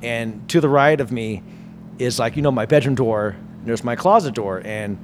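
A young man telling a casual story, animated and swearing often, acting out voices. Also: mid-range voice, moderate pace, a little hiss or hum. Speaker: guest storyteller.

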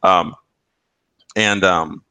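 A man's voice: sits low, steady tone, extremely slow, sharp tone, clean tone, no echo. A man co-hosting a casual podcast, rambling through stories, laughing and swearing. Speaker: podcast co-host. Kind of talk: casual chat.

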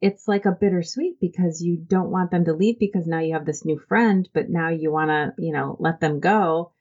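A woman with a notably low voice speaks as an interview guest, earnest and heartfelt, often pausing on "um" and restarting her sentences. The recording sounds dull and lo-fi. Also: a little mellow. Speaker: interview guest, church volunteer program founder. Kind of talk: conversational interview storytelling.

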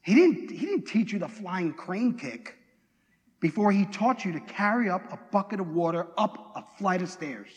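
A man preaching a sermon, telling stories in an animated way, with restarts and self-deprecating asides. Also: sits high, moderate pace, in a large hall.

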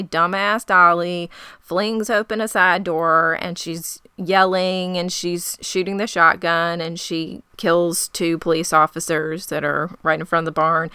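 Sarcastic woman with a bright, smooth voice. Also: lowish voice, no echo, studio quality. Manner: sarcastic, exasperated storyteller. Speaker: podcast co-host recapping a show. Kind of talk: casual chat.

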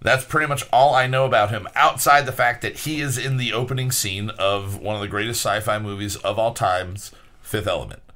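A man's voice: fairly low pitch, fairly even intonation, a little fast, bright, forceful tone. A man in his thirties hosting a casual podcast chat, rambling with lots of fillers and swearing. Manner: rambling, profane, many fillers. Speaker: podcast host.

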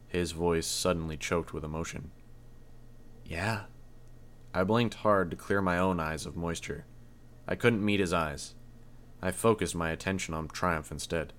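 A man's voice: low voice, a bit bright. A man voicing a desperate mayor in his sixties, a father who pleads and roars in an audiobook reading. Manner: pleading, then roaring. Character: desperate sixty-ish male mayor, father.

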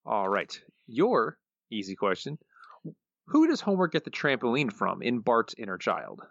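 Laid-back podcast co-host, dull mic. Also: male voice, medium pitch, wildly swooping pitch, a little slow, gravelly, fairly bright tone, dry recording. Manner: laid-back, dry, understated. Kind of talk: casual chat, trivia quiz.

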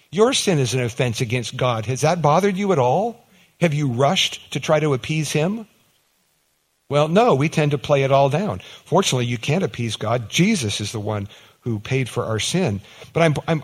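A man preaching a conversational sermon, his pitch swinging up for emphasis and down for weight. He repeats words as he builds a point and slips into short acted-out exchanges. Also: husky. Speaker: pastor.

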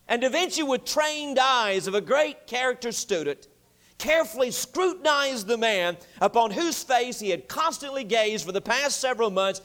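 High-pitched male preacher, storytelling sermon, emphatic repetition. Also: lively intonation, moderate pace, fairly bright tone. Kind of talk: evening church sermon.

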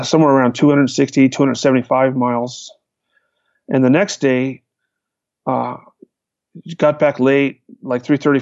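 A man, a hang glider pilot, recounting his flights in a lively storytelling manner. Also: medium pitch, no echo. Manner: animated, vivid retelling with restarts. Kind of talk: storytelling in a conversation. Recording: dull, lo-fi, dry sound.

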